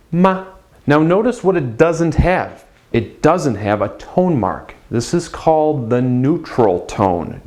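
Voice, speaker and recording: A man's voice: mid-range voice, a little mellow. A man teaching a casual language lesson on video, patiently drawing out example phrases for learners to repeat.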